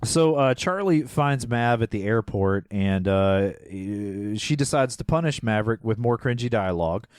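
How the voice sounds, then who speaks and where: Lively male podcast host, dry sound. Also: on the low side, a little slow, few pauses, clean tone, no echo. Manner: animated, laughs often, acts out characters' lines. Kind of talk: casual movie recap chat.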